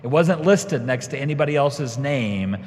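A man's voice: medium pitch, lively intonation, normal speed, a little mellow, a little hiss or hum. A man preaching a sermon, telling a personal story and tying it to scripture, his voice rising when he quotes his younger self. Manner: storytelling, rises when quoting himself. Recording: long reverb of a large hall.

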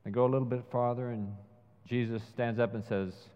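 A man preaching a sermon, retelling a film scene slowly and measuredly. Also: mid-range voice, fairly even intonation, clean tone. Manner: slow, measured storytelling with acted quotes. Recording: dull sound with long hall reverb.

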